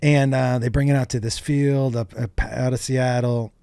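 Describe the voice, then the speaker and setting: A comedian guest on a podcast, telling profane stories in lively, casual chat. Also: male voice, mid-range voice, normal speed, gravelly, smooth, dry recording.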